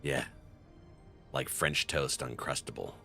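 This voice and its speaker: A young man casually chatting on a live game stream into a close microphone, excitable and jokey, laughing often and reading chat aloud. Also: a bass voice, slow, creaky, soft background music. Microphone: close desk microphone.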